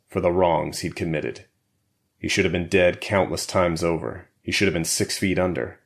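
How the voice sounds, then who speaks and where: A man narrating an action thriller audiobook in a steady, measured way. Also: sits low. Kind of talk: scripted narration.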